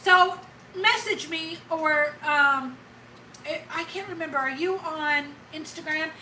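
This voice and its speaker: A woman's voice: sits high, slow pace, pushed and bright, slight background noise. A middle-aged woman from Indiana with a light Southern Kentucky accent, chatting casually with viewers on her channel and answering them by name. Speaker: YouTube channel host. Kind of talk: casual live chat with viewers. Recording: roomy sound from a distant mic.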